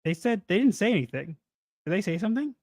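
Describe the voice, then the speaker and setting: A man co-hosting a podcast in casual chat, animated and playful, sometimes ranting. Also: high voice, quick pace, no echo, clean studio sound. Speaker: podcast co-host.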